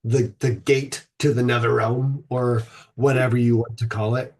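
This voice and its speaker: A man hosting a podcast, retelling an ancient myth in a rambling, irreverent way, swearing and filling pauses with ums. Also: mid-range voice, level tone, a little mellow. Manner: rambling, irreverent, profane, many fillers. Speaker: podcast host.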